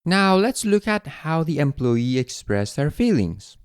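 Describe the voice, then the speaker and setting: A man teaching an English lesson, explaining phrases in a clear, deliberate way. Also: on the high side, very animated, dry recording, clean studio sound. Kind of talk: scripted language lesson.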